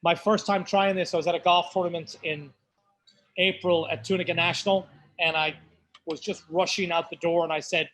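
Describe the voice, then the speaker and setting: This man from County Mayo, Ireland, speaks with a Mayo accent in a fairly high, steady, slightly bright voice at a fairly quick clip. He's hosting a live whiskey tasting in a pub, chatting casually to the group with loose storytelling asides, and the recording is rough.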